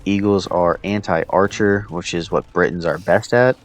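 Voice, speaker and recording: A man's voice: low-pitched, fairly even intonation, a little slow. A man casually commentating a strategy game he is playing, thinking aloud with plenty of fillers. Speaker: player commentating his own match.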